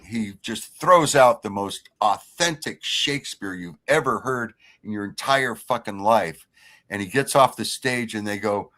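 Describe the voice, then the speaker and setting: Lower-voiced man telling a joke slowly. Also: fairly bright tone. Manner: halting, slow storyteller who repeats his punchline. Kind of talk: telling a joke in casual chat.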